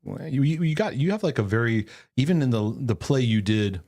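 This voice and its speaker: A man's voice: medium pitch, lively intonation, brisk, a little mellow. A middle-aged man hosting a casual family chat, often stopping to restart and repeat his words. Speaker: host.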